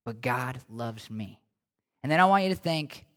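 A man's voice: mid-range voice, animated, normal speed, fairly bright tone. A man preaching a sermon in a casual, conversational way, then leading a prayer, with emphatic rises. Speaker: pastor.

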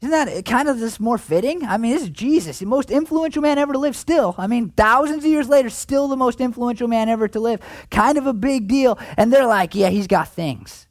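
A man preaching a sermon as pastor, in a conversational way that swings between animated emphasis and hushed, tender passages. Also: very high-pitched, fairly quick, few pauses, dry recording.

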